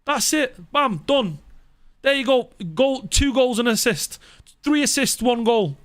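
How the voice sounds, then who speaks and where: Man, fan channel live streamer, high voice, animated, mock outrage, repeats himself. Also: a little slow. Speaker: fan channel presenter reading live chat. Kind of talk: casual live-stream chat.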